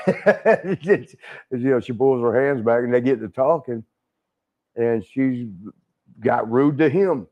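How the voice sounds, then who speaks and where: A man's voice: mid-range voice, a little slow, pauses often. An older man telling a rowdy story in casual chat, laughing often, swearing and acting out quotes. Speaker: wrestling legend guest. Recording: dull lo-fi stream audio.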